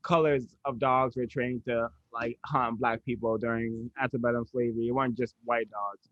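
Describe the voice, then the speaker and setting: A man in casual conversation, speaking haltingly with many fillers. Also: mid-range voice, little pitch movement, dry recording, lo-fi sound. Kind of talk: casual chat.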